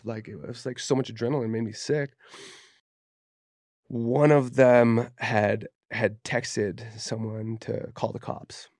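A man with a low, gravelly voice that has a lot of fry in it, telling a story from his own life with blunt, profane candor. He keeps dropping in fillers like "dude" and "you know," and the sound is close and dry with no room echo. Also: a little mellow. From Utah, USA. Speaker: podcast guest. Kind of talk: casual storytelling. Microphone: podcast studio mic.

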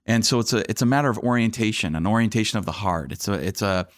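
A man's voice: on the low side, quick pace, no room sound. A man who is a pastor, telling stories from his church work in an earnest, conversational way, often restarting his sentences. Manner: earnest, animated storyteller with frequent restarts and fillers. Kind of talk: conversational storytelling interview.

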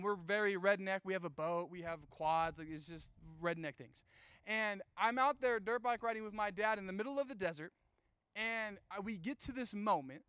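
A young man preaching to a youth group, telling a personal story in a chatty, animated way with asides to the room. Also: high voice, clear, resonant tone, no echo, studio quality. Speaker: youth pastor. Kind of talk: storytelling sermon.

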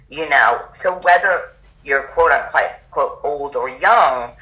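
A middle-aged woman telling a personal story as a podcast guest, lively and acting out the lines of other people. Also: a bass voice, slow pace, low-quality recording. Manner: animated, acts out quoted dialogue. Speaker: podcast guest, yoga teacher. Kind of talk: casual conversational storytelling.

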